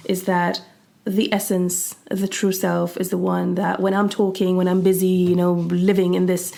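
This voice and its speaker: A woman co-hosting a podcast in casual conversational discussion, talking quickly and thoughtfully with frequent restarts. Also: on the low side, flat delivery, vocal fry, mellow. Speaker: podcast co-host.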